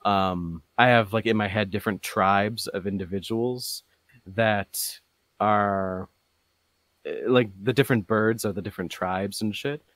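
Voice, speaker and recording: A man chatting casually about his hobby, rambling with many fillers and restarts, getting animated as he goes. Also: on the low side, unhurried, no echo. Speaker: podcast guest. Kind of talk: casual chat.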